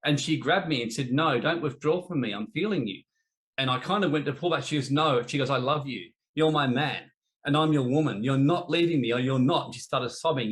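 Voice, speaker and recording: This teacher in an online spiritual debate speaks at a medium pitch, briskly and a bit brightly. During the live discussion he shares an earnest, confessional personal story, then later teases his co-hosts playfully.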